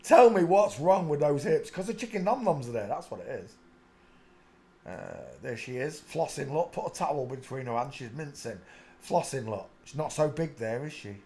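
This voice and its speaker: A man's voice: mid-range voice, very animated, normal speed, dark tone. A man hosting a live stream, mocking photos he is looking at and often breaking into giggles. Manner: mocking, bursts into giggling laughter. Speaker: streaming channel host. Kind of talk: comedic live-stream commentary.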